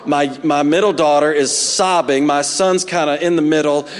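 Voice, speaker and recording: Male pastor in his forties, high-pitched, humorous sermon storyteller, big echoing sanctuary. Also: moderate pace. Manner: humorous, animated storytelling with asides to the congregation. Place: church sanctuary. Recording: reverberant hall.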